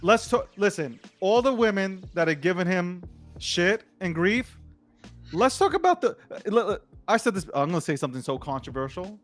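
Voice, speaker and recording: A man co-hosting a late-night talk show, his voice sitting somewhat high for a man. He talks in a slangy, emphatic, rambling way, and faint music plays underneath. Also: very animated, moderate pace. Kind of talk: casual talk-show commentary.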